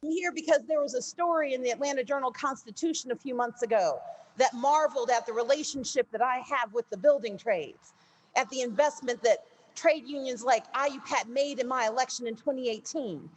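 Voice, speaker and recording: A woman's voice: high-pitched, brisk. A woman giving a rousing political speech to a labor union gathering, telling a parable story and building to emphatic, repeated lines.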